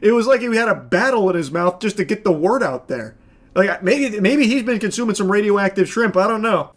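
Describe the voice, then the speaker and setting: Man reacting to clips, sarcastic and foul-mouthed, voice sits fairly high. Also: expressive, fairly quick. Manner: profane, sarcastic ranting. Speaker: commentator. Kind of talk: reaction commentary.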